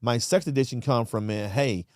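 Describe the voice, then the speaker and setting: A man's voice: medium pitch, normal speed, darkish tone, no room sound. Earnest Southern man, dry close sound. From American South (Alabama). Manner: earnest, emphatic, says "man" often. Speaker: podcast guest. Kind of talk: candid conversational storytelling.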